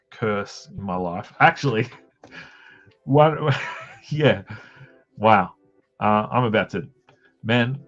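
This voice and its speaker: A man's voice: on the low side, fairly bright tone, breathy edge. Rambling Australian man, lo-fi stream. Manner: rambling, jokey, crude asides. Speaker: comic artist streaming. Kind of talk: casual storytelling while drawing.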